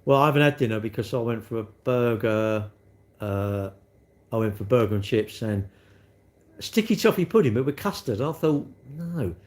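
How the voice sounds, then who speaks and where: A man chatting on a live stream, his pitch jumping around as he rambles. His banter is cheeky and loose as he answers viewers one by one. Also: lively intonation, moderate pace, a little mellow. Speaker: livestreamer reading chat. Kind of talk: casual live-stream chat.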